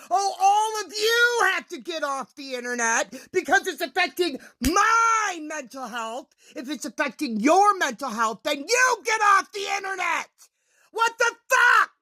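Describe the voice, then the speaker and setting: Furious, shrill woman ranting and swearing. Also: sharp tone. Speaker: commenter in a clip. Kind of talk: angry rant to camera.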